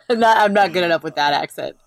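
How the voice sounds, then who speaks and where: A woman's voice: lowish voice, animated, vocal fry, a crowd in the background. A woman co-hosting a podcast, chatting playfully and teasing her partner. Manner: playful, quick to tease. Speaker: podcast co-host. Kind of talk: casual comedic chat.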